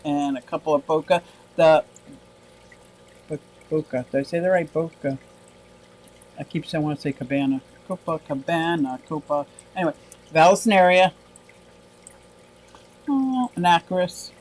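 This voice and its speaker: High-voiced chatty man on a livestream. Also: moderate pace, long pauses, darkish tone, rough recording. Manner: chatty and rambling, laughs often. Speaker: aquarium livestream host. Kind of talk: casual livestream chat reading viewer comments.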